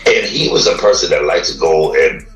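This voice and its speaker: A man earnestly recounting a painful childhood memory in a slow, emotional storytelling manner. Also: extremely low pitch, highs cut off. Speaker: man telling his life story on a livestream. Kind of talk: personal storytelling. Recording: distant roomy playback with music.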